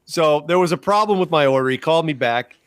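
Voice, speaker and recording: A man's voice: fairly high pitch, animated, quick pace, clean tone, no room sound, studio quality. A man co-hosting a podcast, telling a story in casual, profane chat and acting out the voices of people he quotes. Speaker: podcast co-host.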